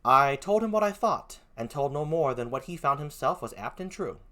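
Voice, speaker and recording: Hidden villain, plain and curt, sharp and bright, a man in his own voice. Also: a little high, expressive, moderate pace. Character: scheming evil ensign, a man.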